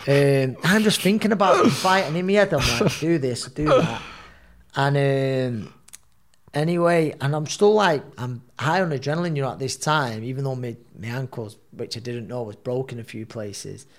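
A man, telling a story at mid pitch. He rambles in an animated way and leans on fillers and restarts. He sounds like a podcast guest. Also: moderate pace. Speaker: guest, boxer.

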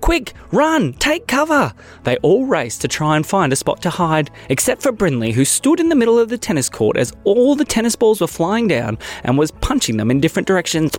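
A man's voice: on the high side, sing-song, fairly quick, hardly any pauses, a little mellow, soft background music. A man reading a silly children's story aloud in a playful, bouncy way. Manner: playful, bouncy, does many kids' voices.

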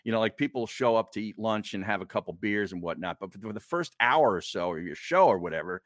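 A man's voice: fairly low pitch, animated, brisk, no room sound, studio quality. A man co-hosting a casual sports podcast, telling long rambling anecdotes. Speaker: podcast co-host.

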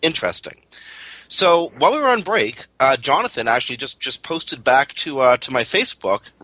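A man's voice: mid-range voice, very animated, moderate pace, bright, forceful tone, low-quality recording. A Canadian man co-hosting a radio talk show in casual chat, joking and rambling with lots of fillers and restarts.

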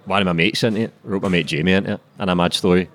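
A man's voice: low-pitched, fairly even intonation, very fast, fairly bright tone. A young Scottish man with a Glasgow accent, a sweary author chatting casually on a podcast, rambling and tagging his points with "know what I mean". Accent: Scottish, Glasgow area. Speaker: author guest.

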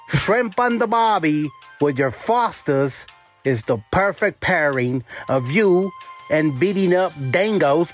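A man voicing a goofy male caller with a put-on Australian accent, leaving a rambling playful voicemail. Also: a little high. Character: loud Aussie-cousin caller, male, goofy.

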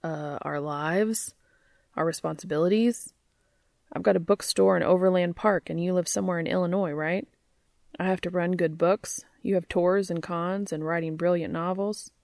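A woman reading aloud, voicing an eager, joking grown man who talks fast. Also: on the low side, steady tone, creaky, darkish tone, no room sound, studio quality. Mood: flustered. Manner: quick, joking, talkative.

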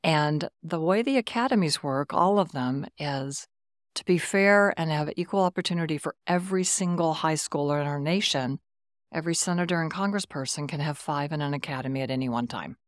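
A woman's voice: low voice, fairly quick, dry recording, studio quality. A woman in her sixties from Texas, a retired Air Force officer telling stories as a podcast guest. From Texas, USA. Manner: warm, animated anecdotes with quoted dialogue. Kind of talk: conversational storytelling.

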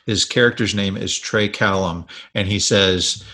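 A man's voice: deep voice, steady tone, measured pace, pushed and bright. A man co-hosting a casual podcast, eagerly telling film trivia stories. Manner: enthusiastic storyteller, fond of trivia. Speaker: podcast co-host. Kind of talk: casual movie chat.

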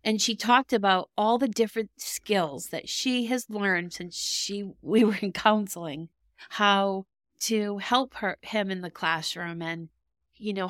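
A woman's voice: mid-range voice, a bit bright, no echo, studio quality. A middle-aged woman hosting a podcast, telling a personal story in a candid, emotional, rambling way. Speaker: podcast host.

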